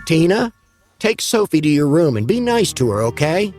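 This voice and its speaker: A gentle, welcoming farmhouse mother, voiced by a man narrating a spooky tale. She speaks softly, with a lively lilt to the pitch, over faint music. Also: normal speed. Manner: gentle, warm.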